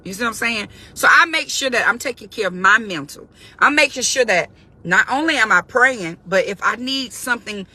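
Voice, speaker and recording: Woman, high bright voice, emphatic spiritual pep talk, repeats herself for emphasis. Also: animated, moderate pace, breathy edge. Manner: emphatic and conversational, repeats key phrases. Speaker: faith-based motivational speaker. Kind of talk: informal spiritual encouragement talk.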